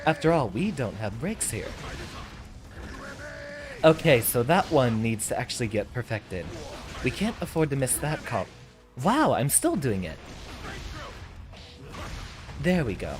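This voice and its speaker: A man's voice: medium pitch, big pitch swings, unhurried, long pauses, music in the background. A man streaming a fighting game, chatting and thinking aloud as he plays, now and then laughing. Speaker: VTuber streamer. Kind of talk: live gameplay commentary.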